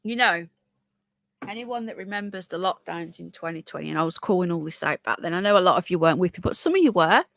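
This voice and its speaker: A woman's voice: fairly low pitch, expressive, fast, gravelly, dry recording. Chatty woman with a sore throat. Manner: chatty, opinionated, rambling with restarts. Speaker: livestream host. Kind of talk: casual live chat reading viewer comments.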